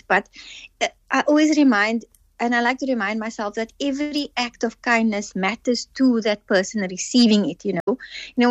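An earnest woman with a fairly high voice speaks as a guest on a radio show. She talks in a heartfelt, reflective way. Her voice comes through a dull, dry remote line. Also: dry recording. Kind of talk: radio interview.

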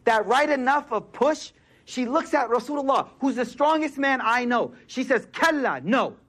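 A man's voice: very high voice, normal speed, a bit bright. A young man giving an Islamic sermon in a casual, emphatic way, mixing street slang with Arabic phrases and repeating key words. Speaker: Islamic preacher.

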